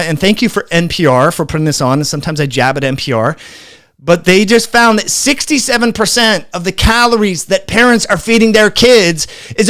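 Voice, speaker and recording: A man hosting a health channel, giving an exasperated, halting rant that trails off. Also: high voice, fairly bright tone, no echo. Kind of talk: frustrated video rant.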